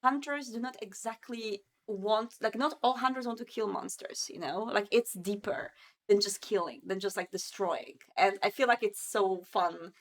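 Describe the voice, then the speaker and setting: A woman's voice: medium pitch, normal speed. A woman co-hosting a gaming news show in casual chat, bubbly and chatty, laughing often and using many fillers.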